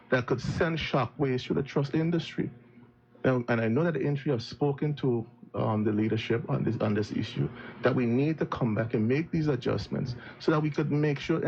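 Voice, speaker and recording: A man with a gravelly voice delivers a critical political speech at a live event. He talks earnestly and often restarts his phrases. The recording has a muffled, lo-fi quality. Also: medium pitch, darkish tone. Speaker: opposition politician. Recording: dull lo-fi sound.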